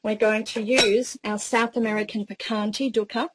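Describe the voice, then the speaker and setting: A woman's voice: medium pitch, little pitch movement, moderate pace, background noise. An enthusiastic woman with an Australian accent demonstrating a barbecue recipe in a casual, gushing way. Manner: enthusiastic, gushing, laughs often. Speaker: cooking demonstrator.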